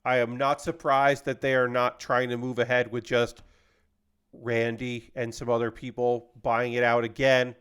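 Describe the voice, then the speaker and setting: A man's voice: mid-range voice, level tone, normal speed, fairly bright tone, clear, resonant tone. A man hosting a live stream, chatting casually while building a model kit, rambling with lots of fillers. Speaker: livestream host.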